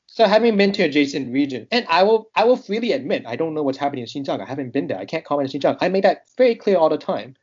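A man from Texas, a podcast guest, talking in casual chat with an animated, ranting delivery in quick bursts. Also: fairly high pitch, breathy edge, highs cut off. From Texas, United States.

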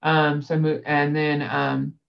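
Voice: mid-range voice, completely flat delivery, unhurried, gravelly, highs cut off. A guest in a casual conversation, telling a work story in a rambling way with many fillers. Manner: rambling, lots of fillers, laughs easily. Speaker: guest, sales director.

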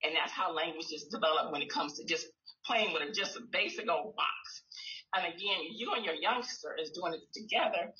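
A woman's voice: medium pitch, bright, forceful tone. A woman speech pathologist giving a presentation to parents, explaining play techniques and acting out sing-song phrases for a child. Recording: echoey, slightly dull room audio.

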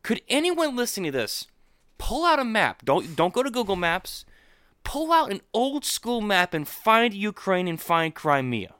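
Casual political commentary comes from a man co-hosting a podcast, his high, smooth voice a little slow. The studio-quality audio has no echo, and his animated delivery breaks into incredulous outbursts.

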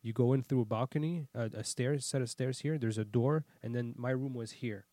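A man's voice: mid-range voice, fairly quick, warm tone, no room sound. A man telling a long story in casual chat, acting out quotes and swearing often.

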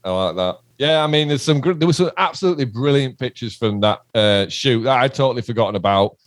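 A man's voice: medium pitch, expressive, quick pace, no room sound, clean studio sound. A middle-aged man, a musician chatting casually in an interview, rambling and swearing. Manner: chatty, rambling, swears, says "do you know what I mean". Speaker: musician guest.

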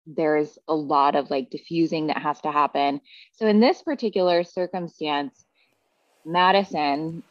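Low-voiced woman telling a frank, profane story. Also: no echo. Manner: frank, profane, heavy use of "like" fillers. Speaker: podcast guest, therapy practitioner. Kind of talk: casual personal storytelling. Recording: dry, slightly dull recording.

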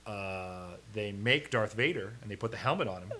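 Animated laughing man, casual chat. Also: fairly low pitch, moderate pace. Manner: animated, laughing, swearing, mock-dramatic.

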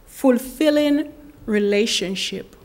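A woman preaching a sermon, measured and earnest, leaving long pauses for effect. Her voice sits a little high, and she takes her time over every phrase. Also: expressive. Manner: slow, deliberate and earnest, with dramatic pauses. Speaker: speaker at a women's ministry gathering.

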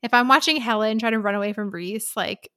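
Brief: heated indignant woman co-host, swearing, high bright voice. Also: fairly quick, smooth. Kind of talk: casual chat about a romance novel.

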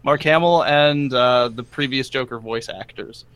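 A man co-hosting a gaming podcast in casual chat, animated and excitable. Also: medium pitch, unhurried, slight background noise. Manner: animated, excitable, laughs often. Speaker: podcast co-host.

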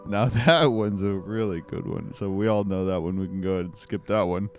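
A man's voice: on the low side, a little fast, darkish tone, faint music behind, lightly acted. A man putting on a comic impression of a male president who stalls and rambles evasively.

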